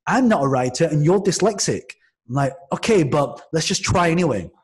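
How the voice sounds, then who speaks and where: A man from Manchester telling a story as a podcast guest, his voice sitting a little higher than most men's. He talks in a lively, conversational way, restarting phrases and acting out what people said. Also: brisk. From Manchester, England. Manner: lively, with frequent restarts and acted-out quotes. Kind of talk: animated storytelling in casual conversation.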